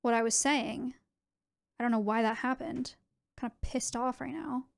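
A young adult woman streaming, chatting casually with her viewers in an animated way, with quick asides. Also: a little high, gravelly.

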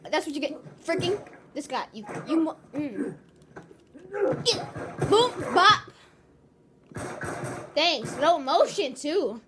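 Very high-voiced woman yelling at a game. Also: very animated, takes it slowly, pauses often, background noise. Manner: loud yelling reactions and trash talk. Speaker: gameplay commentator. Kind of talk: excited gameplay commentary.

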